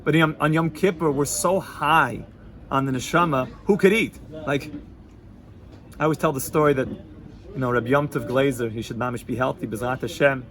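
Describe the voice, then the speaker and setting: A man, a rabbi, giving an informal Torah class in a yeshiva hall, sprinkling Yiddish and Hebrew words into casual talk and swinging between loud and hushed. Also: mid-range voice, moderate pace. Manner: animated, swings from loud to hushed, laughs easily.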